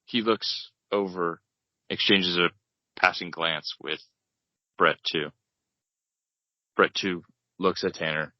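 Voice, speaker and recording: Low-voiced man rambling through a comic table read. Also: steady tone, no room sound. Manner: rambling, halting, self-interrupting narration. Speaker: podcast co-host and narrator. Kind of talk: improvised comedic table read. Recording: dull, lo-fi, dry podcast mic.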